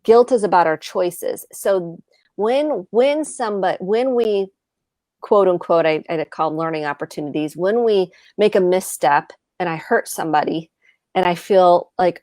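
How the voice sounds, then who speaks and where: Calm explaining woman, slightly low voice. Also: moderate pace, dry recording, studio quality. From United States. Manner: calm, explanatory, acts out example dialogue. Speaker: therapist co-host. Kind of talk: live advice chat.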